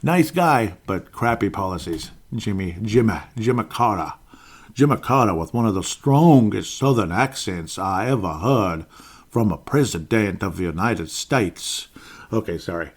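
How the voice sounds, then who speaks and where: Male podcast host in his 50s, low voice, rambling opinionated solo commentary with chuckles. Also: lively intonation, normal speed. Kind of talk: political commentary monologue.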